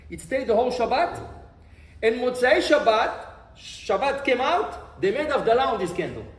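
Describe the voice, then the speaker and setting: A man's voice: very high-pitched, normal speed. A man giving a sermon as a rabbi, telling stories and asking rhetorical questions. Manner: animated storytelling with rhetorical questions. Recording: roomy, distant mic, faint noise.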